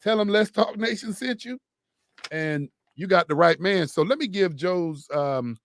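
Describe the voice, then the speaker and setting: A man co-hosting a radio talk show, animated and hyping a sponsor with emphatic repetition. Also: sits high, measured pace, dry recording. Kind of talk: lively radio banter and live sponsor read. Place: radio studio.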